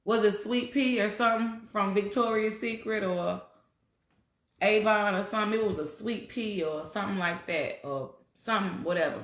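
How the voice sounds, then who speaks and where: A woman's voice: medium pitch, normal speed. Blunt, profane woman in a roomy space. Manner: blunt and profane, talks to viewers directly. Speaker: spiritual talk host. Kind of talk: casual livestream talk.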